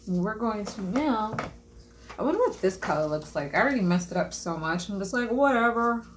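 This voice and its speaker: A woman's voice: medium pitch, expressive, brisk, slight background noise. A young woman chatting to viewers while she paints a craft, casual and self-deprecating. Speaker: vlogger. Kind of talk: casual craft vlog chat.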